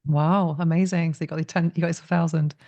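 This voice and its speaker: Brief: woman, podcast host, quick pace, supportive interviewer. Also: low voice, level tone, dark tone, lo-fi sound. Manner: brisk, affirming, prompts with short backchannels.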